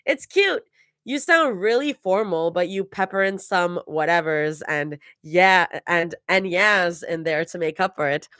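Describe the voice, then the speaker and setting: A woman's voice: fairly low pitch, animated, a little slow, fairly bright tone, no room sound, studio quality. A woman reading aloud, voicing a bubbly, teasing young woman with a raised, chirpy voice.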